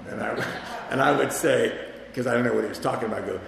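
A man's voice: mid-range voice, fast talker, vocal fry, few pauses, a crowd in the background. A man telling a candid, self-mocking personal story about his past drinking, with wry humor. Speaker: speaker sharing a recovery story. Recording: echoey hall with long reverb.

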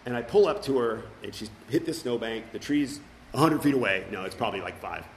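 A man's voice: medium pitch, lively intonation, fairly quick, a little hiss or hum, rough recording. A middle-aged man sharing his recovery story as personal testimony at a meeting, earnest and full of fillers and restarts.

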